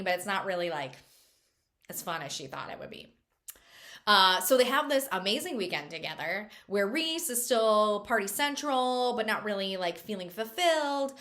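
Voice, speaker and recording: A woman's voice: mid-range voice, bright, forceful tone. A woman chatting casually as a book reviewer, bubbly and chatty with lots of fillers.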